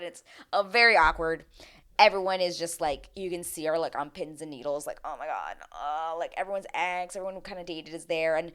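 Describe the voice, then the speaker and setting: A woman talking casually as a vlogger, recapping a reality show in an animated, sarcastic way with exaggerated outbursts. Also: sits low, a little fast.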